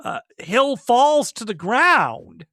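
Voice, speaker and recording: A man's voice: very high-pitched, wildly swooping pitch, takes it slowly, pushed and bright, no room sound, studio quality. A man co-hosting a podcast, explaining film technique in casual chat and laughing often. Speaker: podcast co-host.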